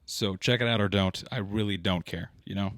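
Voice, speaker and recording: Young man, podcast co-host, low voice, relaxed and deadpan-sarcastic, dry close-mic sound. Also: moderate pace, no echo. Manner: laid-back, dry sarcastic humor. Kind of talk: casual chat.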